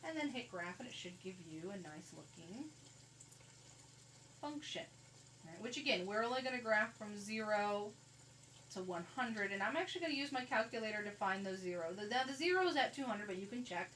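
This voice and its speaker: Far from the microphone, a woman with a medium-pitched, fairly bright voice explains a math lesson step by step on a calculator. She speaks animatedly and fairly quickly in a conversational classroom style. Faint hiss runs beneath the rough recording.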